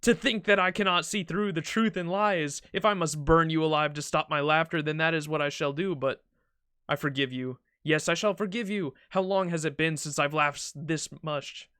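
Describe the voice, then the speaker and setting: A man's voice: a little high, normal speed, bright, forceful tone, smooth, no echo, studio quality. A man reading a proud ancient pharaoh king in a game, with a pompous, regal, mocking delivery.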